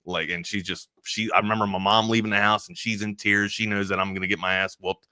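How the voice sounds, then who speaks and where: Man, sports talk host, bright edgy tone, dry close sound, rambling animated storyteller. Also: on the low side, fast, dry recording. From Maryland. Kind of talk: casual storytelling on a talk show.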